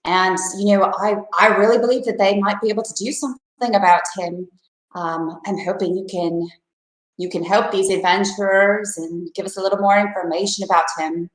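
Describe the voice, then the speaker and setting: A woman's voice: medium pitch, steady tone, moderate pace, reverberant, lightly acted, poor audio. A woman voicing an aging town mayor who speaks politely and fussily, with stumbles. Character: disguised as the elderly town mayor, fussy and flattering.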